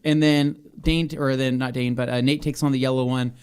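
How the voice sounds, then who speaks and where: Animated storytelling man on a podcast. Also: medium pitch, a little fast, clean tone. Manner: animated storyteller, acts out quoted dialogue. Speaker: podcast co-host. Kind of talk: casual chat. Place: podcast studio.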